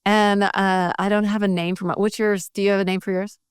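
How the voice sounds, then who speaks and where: Smooth-voiced woman podcast host. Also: medium pitch, level tone, fairly quick, no room sound, studio quality. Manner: warm, affirming interviewer, asks questions. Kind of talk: conversational interview.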